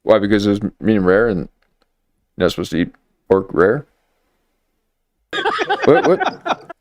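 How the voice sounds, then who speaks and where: A man's voice: low-pitched, steady tone, brisk, no echo, muffled recording. A man commenting over clips on a livestream, with mocking, incredulous asides.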